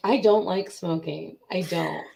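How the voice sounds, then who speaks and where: A woman's voice: lowish voice, unhurried, creaky, dark tone, poor audio. A woman co-hosting a podcast in casual chat, chatty and reflective, telling stories as she talks. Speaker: podcast co-host.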